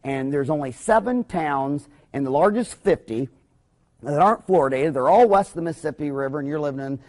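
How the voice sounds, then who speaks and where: Man, dentist giving a business talk, folksy, rambling, loud excited bursts, fairly high voice. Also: fairly quick. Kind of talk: impassioned rambling monologue.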